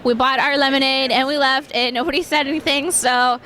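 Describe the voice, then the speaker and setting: A woman's voice: sits high, steady tone, a little fast, pushed and bright. A young woman answering interview questions at a convention in a chatty way, with many fillers and frequent laughs. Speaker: cosplayer guest.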